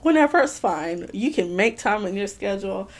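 Woman podcast co-host, mid-pitched, animated and foul-mouthed storyteller. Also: moderate pace. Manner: animated, profane, swears freely while telling stories. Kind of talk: casual chat, storytelling.

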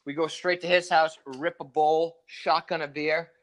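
A man's voice: a little high, little pitch movement, a little slow, a bit bright. A young man co-hosting a podcast, telling a long story in a rambling, profane, laid-back way and acting out the quotes. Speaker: podcast co-host. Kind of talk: casual storytelling chat.

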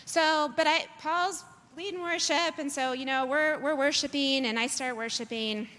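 A woman telling a personal testimony in an animated, self-deprecating storytelling manner. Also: sits high, normal speed, a little hiss or hum. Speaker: speaker sharing a personal testimony. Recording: long hall reverb.

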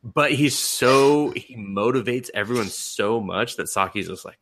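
Speaking at a moderate pace with hardly any pauses, a podcast host with a mid-range, fairly bright voice gives an animated, casual recap of an anime. He laughs along and performs the characters' lines himself.

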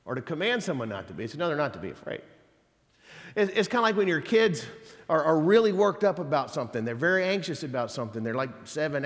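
Guy preaching sunday sermon, folksy asides, kinda high voice, big echoey church. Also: fairly bright tone. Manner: conversational preaching with folksy asides and emphatic quotes. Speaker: pastor. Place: church sanctuary.

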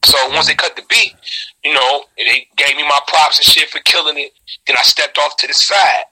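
A middle-aged rapper with a husky, rather high voice spins an animated, profane story in a casual interview. His tone is strikingly bright and forceful, and he leaps into sudden high shouts to act out what others said. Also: moderate pace, poor audio.

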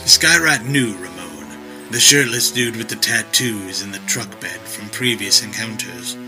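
A man narrating an action story in a vivid, expressive storytelling manner. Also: on the low side, unhurried, music in the background, rough recording.

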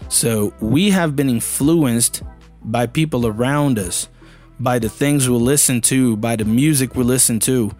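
A man in his thirties from Brazil with a Brazilian Portuguese accent, a native Portuguese speaker giving a casual, animated English pronunciation lesson and often asking the listener questions. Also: mid-range voice, measured pace, faint music behind. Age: 30s. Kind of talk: casual spoken lesson to camera.

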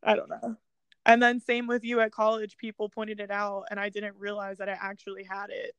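A woman's voice: medium pitch, completely flat delivery, fairly quick, smooth, dry recording. Giggly young woman with a Philadelphia accent. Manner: giggly, easygoing, prompts her co-host. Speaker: podcast host. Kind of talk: casual chat.

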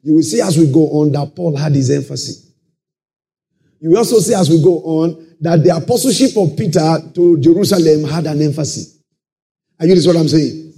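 Brief: male pastor, slightly high, warm tone, sermon with constant "praise the Lord" asides. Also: fairly quick. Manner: peppers talk with "praise the Lord" and checks listeners follow. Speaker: preacher.

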